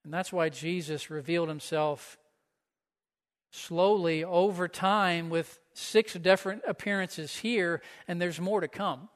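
A man's voice: sits high, steady tone, unhurried. A man pastor preaching a sermon in a church, conversational and often asking the listeners questions. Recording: echoey hall.

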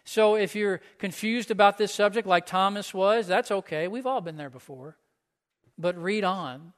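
A man's voice: high-pitched, normal speed, a bit bright. A man pastor preaching a sermon in a church, conversational and often asking the listeners questions. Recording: echoey hall.

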